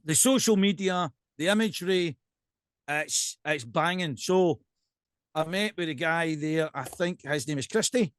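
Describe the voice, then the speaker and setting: A man with a Scottish accent, a podcast guest and pipe band drummer, chatting casually in an animated ranting way and often checking in with "right?". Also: fairly high pitch, measured pace, no echo, clean studio sound.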